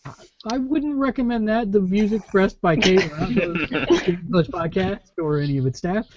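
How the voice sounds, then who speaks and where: A man's voice: sits high, moderate pace, dull audio, a crowd in the background. A man hosting a gaming podcast, teasing his co-hosts in a jokey way. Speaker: podcast host. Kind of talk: casual podcast banter.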